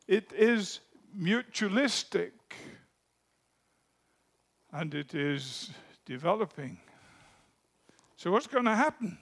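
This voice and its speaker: Slow, gravelly-voiced male preacher. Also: sits high, very animated. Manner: deliberate, emphatic, phrases trailing off softly. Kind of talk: sermon.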